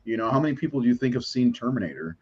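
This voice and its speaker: A man's voice: medium pitch, lively intonation, very fast, darkish tone, muffled recording. A man co-hosting a casual movie podcast, gushing enthusiastically, with lots of fillers and swearing. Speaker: podcast co-host.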